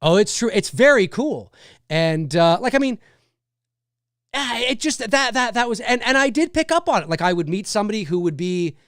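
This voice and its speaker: Smooth-voiced man hosting a rambling livestream. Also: high voice, sing-song, moderate pace, a bit bright, dry recording, clean studio sound. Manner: rambling, reads viewer comments aloud. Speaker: livestream host. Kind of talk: casual livestream chat.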